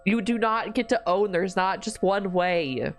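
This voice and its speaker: A woman's voice: mid-range voice, unhurried, soft background music. A woman streamer chatting casually during a live game stream, swearing freely as she banters with her chat.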